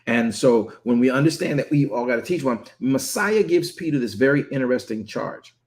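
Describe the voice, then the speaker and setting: A male preacher delivers a conversational sermon in a mid-pitched voice. He often restarts and repeats words, checking in with his listeners with a quick "right?". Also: animated.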